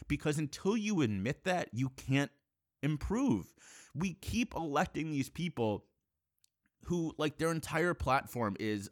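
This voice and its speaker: A man's voice: medium pitch, very animated, no room sound, clean studio sound. A man delivering a heated, blunt solo monologue as a podcast host, swearing freely and breaking off to restart his sentences. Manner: impassioned, blunt, profane, halting restarts.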